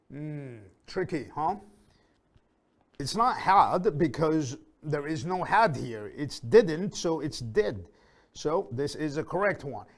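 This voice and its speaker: A male English teacher walks learners through grammar in a slow, deliberate way. His voice sits a little on the high side, and he repeats each example sentence so it sinks in. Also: lively intonation. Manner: repeats example sentences slowly for learners, with fillers and self-corrections. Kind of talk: slow, deliberate lesson explanation.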